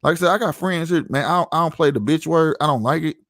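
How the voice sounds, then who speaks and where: A fast-talking man from St. Louis hosts a podcast, his voice on the high side and a bit bright. Recorded in studio quality with no room sound, he chats casually in slang, telling stories and saying "you know what I'm saying" a lot.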